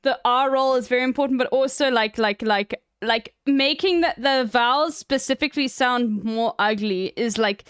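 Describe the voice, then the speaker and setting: A woman's voice: fairly high pitch, moderate pace, few pauses, fairly bright tone, clean tone, no echo, clean studio sound. A young woman with a Cape Town South African accent, streaming and chatting casually, explaining things with lots of "like" fillers. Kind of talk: casual chat with viewers.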